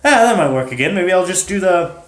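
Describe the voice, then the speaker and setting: A man's voice: sits high, lively intonation, a little fast, pitched above the performer's own voice. A man voicing a bumbling, clumsy male misfit hero who fumbles his words. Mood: hopeful. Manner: fumbling, hopeful. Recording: roomy echo.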